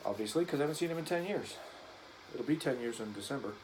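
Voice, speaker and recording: A man's voice: mid-range voice, expressive, quick pace, a little mellow, slight background noise, poor audio. A man vlogging casually as he cleans a gun, rambling and joking in an offhand way.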